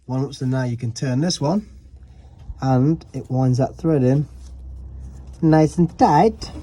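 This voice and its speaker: A man's voice: medium pitch, fairly even intonation, unhurried, dark tone. A man vlogging a car repair outdoors, chatting and explaining each step as he works. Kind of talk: casual hands-on vlog narration.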